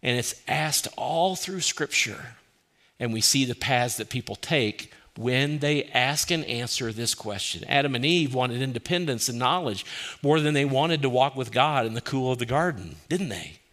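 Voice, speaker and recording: A man preaching a sermon as pastor, asking many rhetorical questions and dropping to a soft, quiet voice when he quotes. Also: mid-range voice, expressive, normal speed.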